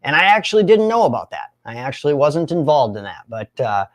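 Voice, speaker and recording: A young man in recovery, telling his own story in an animated way, often laughing and acting out other voices. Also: mid-range voice, fairly quick. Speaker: recovery speaker. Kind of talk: storytelling talk.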